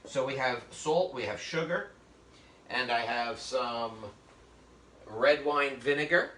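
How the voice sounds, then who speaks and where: A man's voice: medium pitch, slow, sharp tone, a little hiss or hum. Chatty man teaching a cooking class. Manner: chatty, joking, explanatory with frequent fillers. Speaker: cooking instructor. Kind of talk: live online cooking class. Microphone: webcam on a video call. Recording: echoey room.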